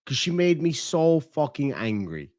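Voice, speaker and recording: A man's voice: on the high side, a little slow, no room sound, clean studio sound. A man with an Irish accent hosting a casual livestream, reading donations and talking bluntly with lots of swearing. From Ireland. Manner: blunt and profane, animated swings in loudness. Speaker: livestream host.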